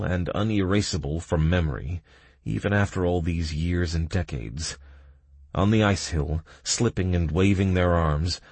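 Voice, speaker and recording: Low husky male audiobook narrator. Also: dry recording. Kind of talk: first-person fantasy game audiobook narration.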